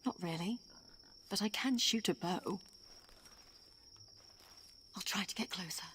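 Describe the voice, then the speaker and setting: A woman's voice: mid-range voice, unhurried, a bit bright, a little hiss or hum, lightly acted. A woman playing a wry young royal.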